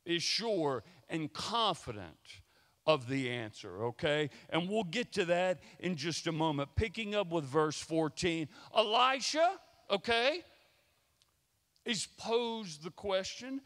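A man's voice: sits high, sharp tone. A male pastor preaching a sermon, addressing the congregation with emphatic repeated rhetorical questions, in a church sanctuary. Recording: long church reverb.

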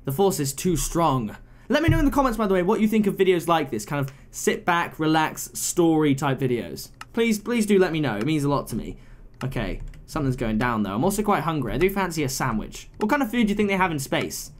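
A young man hosting a relaxed gaming video, chatting in a playful, mock-dramatic way. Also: on the high side, quick pace. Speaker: gaming channel host. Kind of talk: relaxed let's-play commentary. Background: faint game music.

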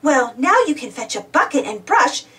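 A woman voicing a capable, bossy female builder in a storybook reading, brisk and firm. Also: high voice, big pitch swings, fairly bright tone, recorded from a distance.

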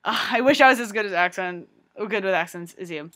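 A young woman chatting casually in a vlog, excitable and full of "like". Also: mid-range voice, a little fast. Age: young adult. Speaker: vlogger.

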